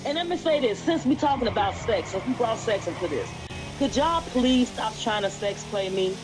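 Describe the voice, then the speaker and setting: A woman's voice: on the high side, lively intonation, moderate pace, music in the background, poor audio. A woman hosting a live stream, giving casual commentary in a blunt, emphatic, profane way.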